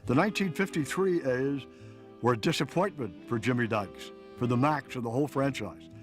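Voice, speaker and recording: A man's voice: medium pitch, soft background music. Man narrating a sports history documentary. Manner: measured, storytelling delivery. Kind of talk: scripted narration.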